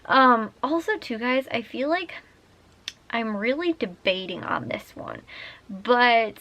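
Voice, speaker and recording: A young woman chatting in a rambling casual vlog from her bedroom at night, full of "like" fillers and quick laughs. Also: fairly high pitch, expressive, a bit bright. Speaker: vlogger.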